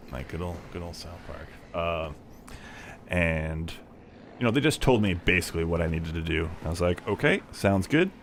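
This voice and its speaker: Low-voiced man joking through a game. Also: a little hiss or hum. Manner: relaxed, joking, rambling storyteller. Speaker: gaming co-host. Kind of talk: casual let's play chat.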